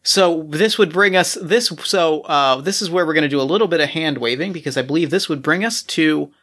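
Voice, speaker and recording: A man's voice: a little high, a bit bright. A man narrating as game master of a tabletop role-playing game, often restarting his sentences. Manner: halting, with many restarts.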